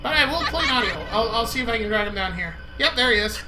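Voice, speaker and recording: Excitable high-voiced woman playing a game. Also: fast talker, noisy background. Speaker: let's play co-host. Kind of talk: casual gameplay banter.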